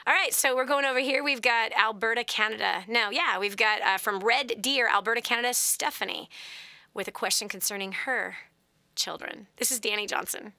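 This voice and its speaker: A woman's voice: a little high, normal speed, bright, forceful tone, no echo. A woman hosting a radio call-in advice show, telling stories with animation, laughing often and acting out voices. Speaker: host.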